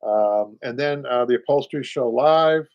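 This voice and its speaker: A man in his sixties with a Boston accent, hosting a live upholstery show. He talks in a chatty, halting way, restarts often and laughs a lot. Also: mid-range voice, dry recording, muffled recording. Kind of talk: live-stream talk and teaching.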